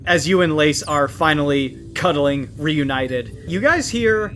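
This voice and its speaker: A man narrating a tabletop game as game master in a relaxed, descriptive way. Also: on the high side, measured pace, slight background noise.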